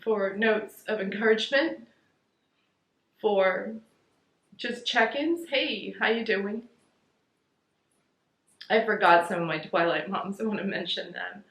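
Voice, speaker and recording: A woman's voice: medium pitch, fairly bright tone. A middle-aged woman, tearful, talking casually to her viewers in a rambling, heartfelt way. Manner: rambling heartfelt thank-yous, says "you guys" often. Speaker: vlogger. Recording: echoey room.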